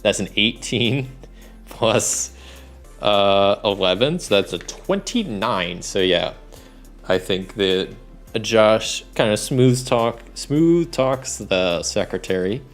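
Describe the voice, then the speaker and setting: Low gravelly man running a solo game. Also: expressive, slow, soft background music. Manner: rambling, thinking aloud with many fillers. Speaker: solo game master and player. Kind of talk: narrating a solo tabletop game.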